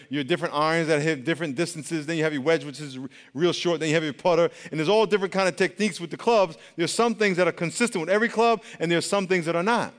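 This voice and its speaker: Pastor, male, lively sermon delivery, pitched a touch high, long hall reverb. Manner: animated, swings from loud exclaims to soft asides, acts out quotes.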